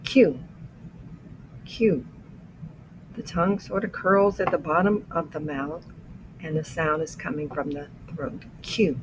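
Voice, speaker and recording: A man teaching the letters of the alphabet as an English lesson, saying each letter slowly and explaining how the mouth shapes it. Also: on the high side, steady tone, noisy background. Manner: careful, deliberate letter-by-letter demonstration. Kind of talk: slow pronunciation lesson.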